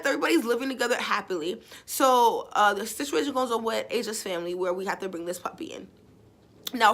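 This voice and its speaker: A woman telling a story in a casual vlog, chatty and digressive, blunt and expressive with casual swearing. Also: a little high. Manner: chatty and digressive, with frequent fillers. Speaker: vlogger.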